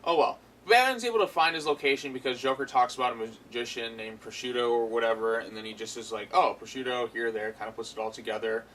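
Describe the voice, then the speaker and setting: A man's voice: mid-range voice, fast, few pauses, fairly bright tone, a little hiss or hum, poor audio. A man giving a casual, rambling review of a cartoon episode, full of fillers and amused asides.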